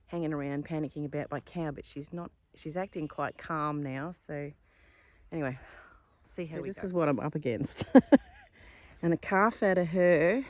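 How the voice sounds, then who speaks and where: A woman's voice: low-pitched, a little mellow. A woman, a flower farmer, chatting casually to camera as she walks outdoors through a paddock, thinking aloud and rambling. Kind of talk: casual vlog narration.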